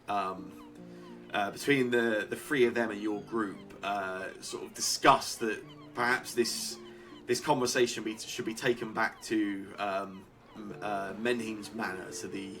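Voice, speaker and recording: A man narrating a tabletop game as game master, halting with many fillers. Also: on the low side, a bit bright.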